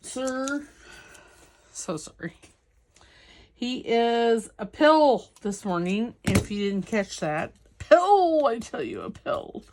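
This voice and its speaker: A woman's voice: a little high, slow pace, pauses often, noisy background. A woman with a Southern US accent chatting casually as she works on a craft project, talking to her viewers and now and then to her dog. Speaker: crafting channel host. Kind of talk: casual crafting vlog chat.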